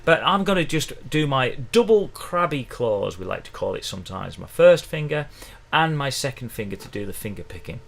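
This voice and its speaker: A man's voice: mid-range voice, very animated, normal speed, vocal fry. A middle-aged man, teaching ukulele in a chatty, encouraging livestream lesson, counting in the beats. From England. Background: faint ukulele playing.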